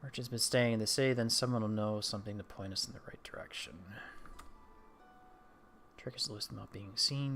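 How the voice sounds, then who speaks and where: A man reading a sly young cat-girl scout's game dialogue aloud in his own gravelly voice. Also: fairly low pitch, fairly bright tone, a little hiss or hum.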